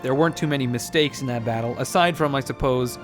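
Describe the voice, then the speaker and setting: A gaming commentator rambles through casual let's play commentary on a strategy game, sarcastic, joking and swearing as he plays. He talks fast in a medium-pitched, slightly bright voice, with faint music behind him.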